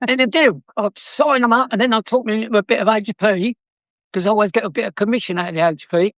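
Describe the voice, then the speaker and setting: Brisk and high-voiced, an older former car dealer with a South London accent recounts anecdotes, chatty and cheeky with frequent laughter. The sound is clean studio audio without echo.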